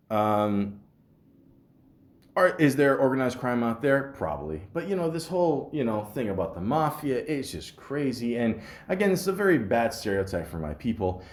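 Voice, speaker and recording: A man's voice: mid-range voice, a little mellow. A man hosts his podcast and tells a story in a loose, rambling way. He swears often and trips over restarts. His voice rises and falls with a lot of movement. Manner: profane, rambling, stammers restarts. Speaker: podcast host. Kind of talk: casual storytelling.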